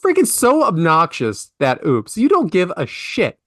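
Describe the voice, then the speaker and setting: A man's voice: a little high, wildly swooping pitch, measured pace, a bit bright, dry recording, studio quality. A man co-hosting a casual podcast, ranting in mock outrage about words he hates. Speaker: podcast co-host.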